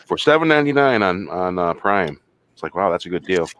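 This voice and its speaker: A man from Northwest Indiana in a casual chat, talking in a laid-back, halting way. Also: deep voice, expressive, fairly bright tone. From Northwest Indiana, USA.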